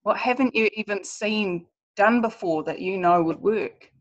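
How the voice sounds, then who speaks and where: A woman's voice: medium pitch, unhurried. A woman speaking on a video call, talking reflectively about parenting and asking questions of her listeners. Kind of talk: conversational video-call chat. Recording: dull lo-fi video-call audio.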